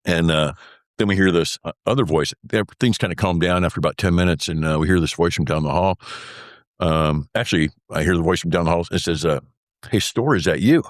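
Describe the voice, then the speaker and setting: An older man with a low, deep voice tells a long story in an interview. He rambles and fills gaps with "uh" and "anyway", and acts out the lines other people said. The sound is dry and close. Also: steady tone, fast, no room sound. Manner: rambling, full of fillers like "uh" and "anyway"; acts out remembered dialogue. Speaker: former military pilot telling his story as guest.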